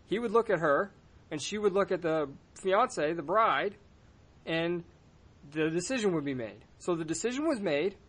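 A man hosting a podcast, telling a story in a casual, profane, animated way. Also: high voice. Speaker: podcast host.

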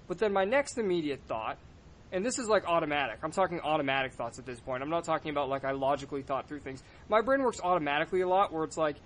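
A man hosting a podcast, telling a story in a casual, profane, animated way. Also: on the high side, fast talker. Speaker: podcast host.

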